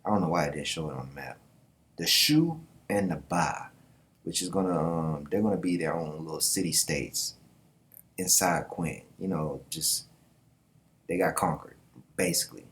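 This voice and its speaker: Deep-voiced man in slangy casual commentary. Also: normal speed. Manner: animated, slangy, laughs and asides. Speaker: YouTube host.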